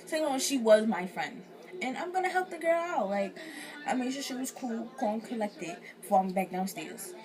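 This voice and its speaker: A woman's voice: fairly high pitch, moderate pace. A young woman vlogger casually telling a personal story, slangy and profane, acting out what people said. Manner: animated, slangy, profane, acts out quotes.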